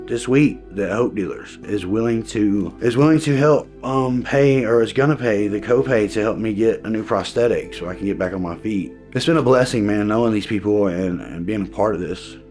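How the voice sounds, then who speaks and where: Low-voiced man giving earnest testimony. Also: darkish tone. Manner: earnest and halting, with frequent restarts and fillers; emotional at times. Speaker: person sharing his recovery story. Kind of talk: personal testimony.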